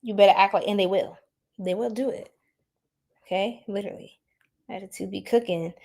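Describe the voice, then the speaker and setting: A woman's voice: on the high side, lively intonation, brisk. A woman with a New York accent hosting a casual astrology livestream, sassy and playful, laughing often and repeating herself.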